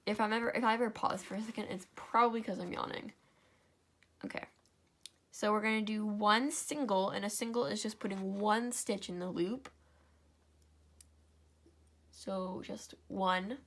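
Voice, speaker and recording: A woman's voice: mid-range voice, steady tone, normal speed, pauses often, fairly bright tone. A sleepy young woman walks through a craft project in a casual, chatty way. She keeps correcting herself and apologizing as she goes. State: sleepy, yawning. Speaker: craft tutorial host. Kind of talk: casual step-by-step tutorial.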